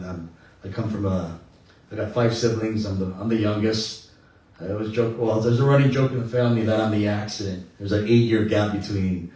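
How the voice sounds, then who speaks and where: A man on a panel, relaxed and joking, restarting his sentences as he talks. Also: fairly low pitch. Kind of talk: panel discussion answer. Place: indoor theatre. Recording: echoey theatre from far off.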